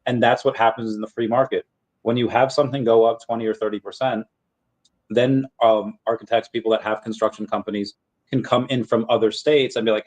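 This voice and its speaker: A man co-hosting a casual podcast, ranting in a fired-up way with quick asides. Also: mid-range voice, fairly even intonation. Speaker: podcast co-host.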